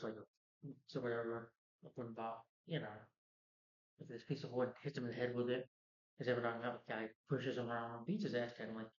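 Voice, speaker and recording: A man reviewing a movie, retelling the plot in a loose, rambling way full of "you know" and "like". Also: mid-range voice. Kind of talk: casual plot recap. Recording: roomy, dull lo-fi sound.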